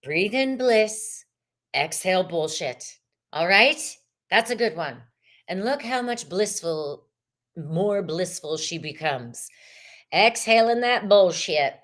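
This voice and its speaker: A woman hosting a live tarot reading stream, chatty and expressive, greeting viewers in the chat and laughing often. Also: mid-range voice, slow pace.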